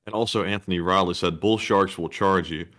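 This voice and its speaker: Low-voiced co-host with dry puns. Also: male voice, fairly even intonation, a little fast, a bit bright. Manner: dry puns, skeptical asides. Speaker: co-host reading super chats. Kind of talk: casual live-stream chat.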